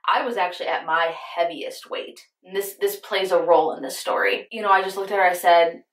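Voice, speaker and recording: A woman's voice: on the low side, fairly even intonation, fairly quick. Chatty young woman vlogger, roomy room. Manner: chatty, addresses viewers as "you guys"; earnest, serious storytelling voice. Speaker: beauty vlogger. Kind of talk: chatty get-ready-with-me storytelling.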